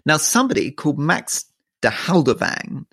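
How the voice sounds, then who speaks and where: A man hosting a political talk podcast, his voice gravelly and a little husky, recorded dry and close. He speaks with lively ups and downs, playful and halting, repeating words as he builds his point. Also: a little high, no room sound. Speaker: podcast co-host. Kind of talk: casual political chat.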